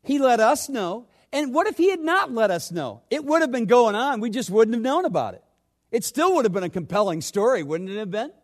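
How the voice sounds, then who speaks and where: A male pastor preaching a sermon, swinging between loud urgent questions and hushed, low asides. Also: very animated, brisk.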